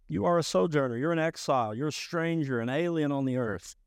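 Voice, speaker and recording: A man preaching a sermon as pastor, emphatic and rising to loud bursts. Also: fairly high pitch, fairly quick, smooth, no room sound, studio quality.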